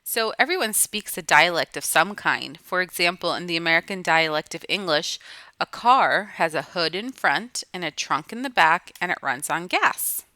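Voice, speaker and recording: Dry, bright-voiced woman teacher. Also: fairly low pitch, lively intonation, moderate pace, dry recording. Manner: explaining patiently, restating points. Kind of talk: recorded lesson for students.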